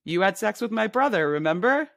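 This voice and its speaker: A woman's voice: mid-range voice, expressive, a little fast, creaky, fairly bright tone, dry recording, studio quality, voice pushed up. A woman reading her memoir aloud, voicing a brash, blunt woman friend who bosses people around at a bar. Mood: chatty. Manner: pushy, blunt, bossy.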